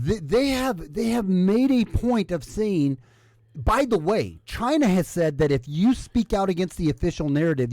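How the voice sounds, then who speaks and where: A man's voice: a little high, dark tone, dry recording. A man hosting a live call-in stream with casual drinking banter. He is a little drunk, rambles and swears, and keeps relaying the caller's words to his co-hosts.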